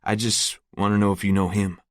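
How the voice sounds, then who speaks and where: A man's voice: on the low side, flat delivery, brisk, no room sound, natural voice. Man playing a cocky, vengeful teen boy, dry close read; audiobook. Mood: defiant. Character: defiant, vengeful teenage boy.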